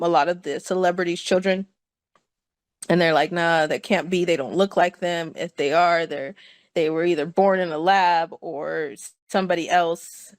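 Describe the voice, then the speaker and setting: A woman's voice: on the low side, no echo. A woman telling a personal story to her listeners, chatty and laughing often and checking in with them. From California.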